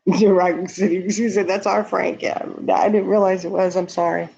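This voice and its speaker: A fairly high-voiced man with a drawl chats on a casual livestream, reading viewer comments aloud and answering with blunt candor while laughing at his own lines. His tone is level and his pace moderate, with a gravelly, husky, slightly mellow quality. The audio is dull and lo-fi.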